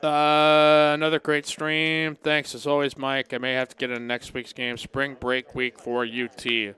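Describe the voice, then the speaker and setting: A man calls a live poker game and chats loosely with his viewers. His talk rambles and is peppered with casual swearing. His voice sits at an ordinary middle pitch. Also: monotone, unhurried, sharp tone. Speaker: poker stream commentator. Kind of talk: live commentary and chat reading.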